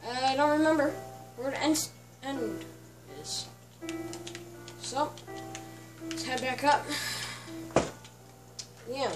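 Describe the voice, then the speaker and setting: High-voiced woman narrating gameplay from afar. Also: slow, long pauses. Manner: chatty, frequently clears throat. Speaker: let's play host. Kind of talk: casual gameplay commentary. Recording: distant mic with faint background music.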